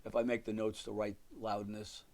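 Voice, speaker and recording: A man's voice: fairly low pitch, monotone, normal speed, a little mellow. A man teaching piano in a live online lesson, counting beats and singing rhythm syllables as he explains, with rambling asides. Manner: counts and sings rhythms aloud while playing, rambling asides.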